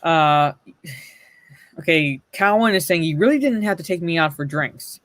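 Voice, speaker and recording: A man's voice: a little high, normal speed, fairly bright tone, no echo. Sarcastic man in casual commentary. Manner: sarcastic, reads comic panels aloud, swears. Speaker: podcast co-host.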